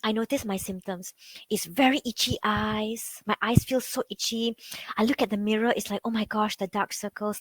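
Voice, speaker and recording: A woman's voice: medium pitch, dry recording, poor audio. A woman with a Malaysian English accent giving a chatty talk as a psychology coach, often saying "like" and asking her listeners questions. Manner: chatty, peppers speech with "like", asks the audience questions. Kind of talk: conversational online talk.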